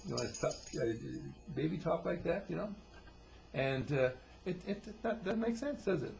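A man's voice: on the high side, moderate pace, creaky, faint music behind. A man giving an informal talk on behaviour, acting out quotes in different voices. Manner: animated, acts out quotes in voices.

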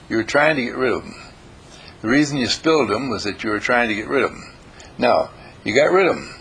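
An older man teaches a small group in a homespun, folksy way, his voice sitting at an ordinary middle pitch. He talks informally and lightens his points with playful quoted voices. A faint hiss runs underneath. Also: fairly bright tone, poor audio. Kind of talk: informal motivational talk.

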